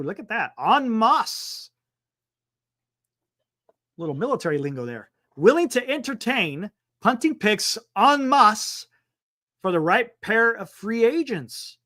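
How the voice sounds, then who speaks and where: Animated man reading and riffing. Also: high-pitched. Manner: breaks off reading for quick excited asides. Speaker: sports talk show host. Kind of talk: livestream sports talk, reading an article aloud. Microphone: streaming setup microphone.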